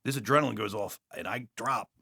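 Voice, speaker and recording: Fast-talking, gravelly New York man. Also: fairly low pitch, bright, forceful tone, no echo, clean studio sound. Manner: fast, blunt, profane storytelling. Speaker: guest, police officer. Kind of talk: animated storytelling interview.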